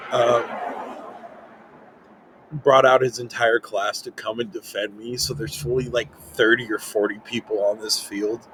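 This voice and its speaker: A young man hosting a podcast, telling a long story in casual chat, full of "like" fillers and animated quotes. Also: medium pitch, noisy background. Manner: rambling, lots of "like" fillers, animated quoting. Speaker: podcast host.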